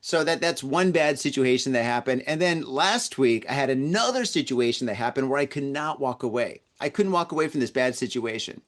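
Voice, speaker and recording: A man's voice: mid-range voice, expressive, a little fast, few pauses, fairly bright tone. A man hosting a podcast, telling a story in a casual, rambling way, often repeating words and acting out the people he quotes. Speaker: podcast host. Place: lives in Tokyo.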